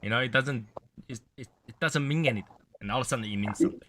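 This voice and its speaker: A man's voice: medium pitch, rapid-fire, pushed and bright, slight background noise. A man hosting a casual livestream chat, rambling in a gloomy, offhand way and swearing now and then. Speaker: livestream host.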